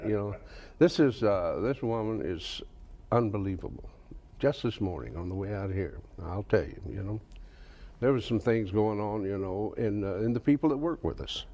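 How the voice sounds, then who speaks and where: A Southern-accented man in his fifties spins folksy anecdotes in a low, drawling voice. His pitch swings widely as he chuckles his way through a tale. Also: lively intonation, normal speed, mellow. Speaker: guest, country singer and author. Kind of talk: casual storytelling in a TV interview.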